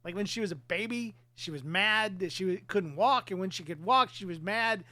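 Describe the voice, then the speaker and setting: A man's voice: high-pitched, normal speed, bright, forceful tone, dry recording. A man in his forties, a podcast host, talking candidly about family in casual chat, laughing between thoughts.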